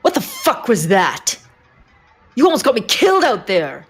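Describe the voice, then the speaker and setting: A woman's voice: sits low, normal speed, husky, soft background music. A woman voicing a hostile, arrogant male pilot in a tabletop game, who snarls and curses. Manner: snarling threats, cursing.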